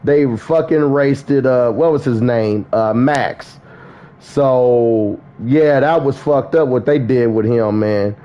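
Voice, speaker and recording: Slow-talking excitable man on a livestream. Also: medium pitch, highs cut off. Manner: excitable and profane, laughs often. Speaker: gaming streamer. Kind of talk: casual livestream chat.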